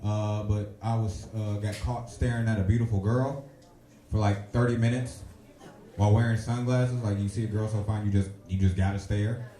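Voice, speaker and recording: A man hosting a comedy show and telling his own jokes, halting with many fillers before loud, excited punchlines. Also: on the low side. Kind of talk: stand-up comedy and emcee introductions. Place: comedy club stage, live audience. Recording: echoey room.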